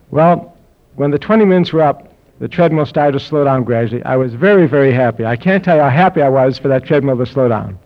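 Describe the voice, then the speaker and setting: In a dull lo-fi recording punctuated by audience laughter, an older man shares a personal health story in a dry, wry, anecdotal style. He speaks briskly with a medium-pitched voice and lively intonation.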